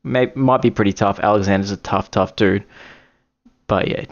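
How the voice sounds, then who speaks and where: An Australian podcast host gives fight picks in casual solo commentary, rambling along while often correcting himself and apologizing. His voice is fairly low, with a steady tone at normal speed, and the audio sounds dull.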